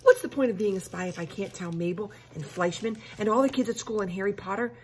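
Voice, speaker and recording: A woman's voice: medium pitch, fast, slight background noise, close to an everyday voice. A woman voicing a stubborn, demanding little girl who wants to be a spy, whiny and insistent.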